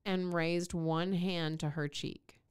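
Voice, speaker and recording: Her voice low, level, and clean, this young podcast co-host speaks slowly while reading romance novel excerpts in a casual chat. She swears, laughs, and turns mock-dramatic when performing the dialogue.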